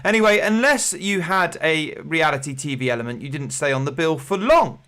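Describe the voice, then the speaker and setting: Jokey quiz host, higher voice. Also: male voice, expressive, a little fast, sharp tone. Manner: jokey, rambling, playful showman. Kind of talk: comic game-show host patter.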